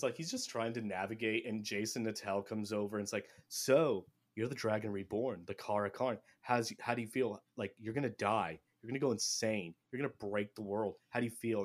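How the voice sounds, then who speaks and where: A man hosting a casual book podcast, recapping chapters and acting out the characters' lines. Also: fairly low pitch. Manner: animated, acts out characters' lines. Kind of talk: casual chat.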